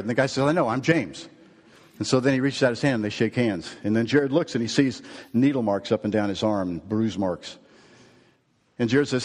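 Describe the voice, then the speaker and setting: A man's voice: medium pitch, fairly quick. Male pastor preaching in a reverberant hall. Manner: storytelling with lively quoted voices. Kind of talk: sermon.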